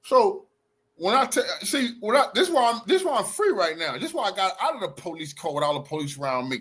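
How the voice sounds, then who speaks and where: A high-pitched, husky man livestreaming on his phone from a bar. He talks in an agitated, repetitive way, full of profanity and street slang, circling back to the same point again and again. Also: very animated, brisk, a bit bright. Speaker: livestreaming vlogger. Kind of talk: heated livestream confrontation and recap. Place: in and around a bar.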